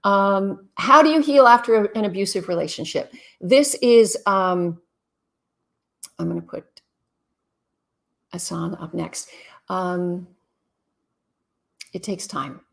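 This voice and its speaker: A woman from Canada hosting a live-stream Q&A on relationships, greeting viewers in a casual, chatty way and giving frank, brisk advice. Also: mid-range voice, lively intonation.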